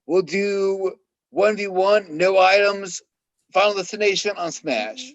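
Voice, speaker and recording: High-voiced, profane male podcast guest. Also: slow, no echo, lo-fi sound. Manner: blunt, profane, mocking. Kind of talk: casual chat.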